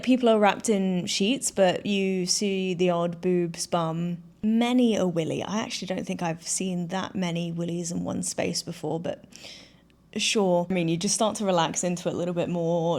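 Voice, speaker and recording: A woman's voice: lowish voice, a little mellow. Woman in her 30s, vlogger, chatty, giggly, self-deprecating, casual storytelling.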